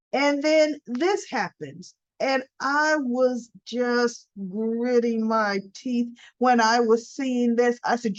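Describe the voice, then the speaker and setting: A woman's voice: a little high, takes it slowly, few pauses, lo-fi sound. A woman recapping a soap opera in a chatty, folksy way, full of playful exclamations. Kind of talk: casual chat recap.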